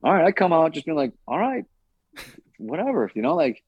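A man's voice: on the high side, sing-song, a little fast, husky, dry recording, dull audio. A man who trains fighters, chatting casually on a podcast, rambling and swearing now and then with lots of "like" and "you know".

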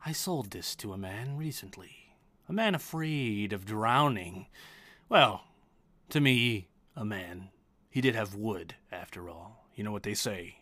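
Brief: a cagey woman magic broker, played by a male game master, slow and bargaining, bright dry voice. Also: fairly low pitch, animated, no echo, exaggerated voice. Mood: musing. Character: shrewd mysterious woman magic-item broker. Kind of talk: tabletop game role-play.

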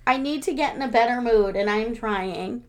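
A young adult woman co-hosting a casual podcast chat, rambling with lots of fillers, dropping quiet and then getting loud. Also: on the high side, moderate pace. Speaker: podcast co-host.

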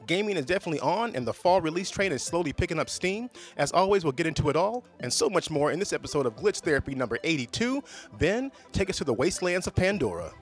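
A man hosting a gaming podcast, with relaxed, joking banter among friends. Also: a little high, fast, few pauses, soft background music. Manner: joking, laid-back banter. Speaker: podcast host. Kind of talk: casual gaming podcast chat.

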